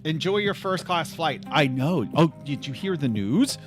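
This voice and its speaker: Over music, a livestream host speaks in an expressive, slightly slow voice on the high side. His casual chat wanders, and he keeps poking fun at himself.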